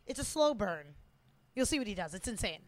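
A woman's voice: mid-range voice, very animated, a little fast. A young adult woman from Canada, co-hosting a podcast and talking through a film in blunt, opinionated, casual commentary, laughing often. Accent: Italian-Canadian. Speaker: podcast co-host. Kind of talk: casual movie-watching commentary.

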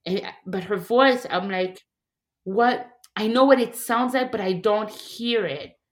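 A woman's voice: mid-range voice, unhurried. A woman in a candid, casual conversation, talking in an emotional, reflective way with many fillers.

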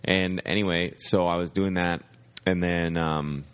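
A man's voice: low-pitched, steady tone, unhurried, clean tone. A stand-up comedian, a man, telling a rambling anecdote in a casual podcast chat, full of "like" fillers. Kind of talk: casual storytelling.

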